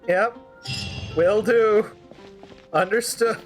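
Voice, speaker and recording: A woman's voice: mid-range voice, drawn-out words, soft background music. A woman streamer giving casual, joking commentary while playing and fan-dubbing a game. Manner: joking, rambling asides.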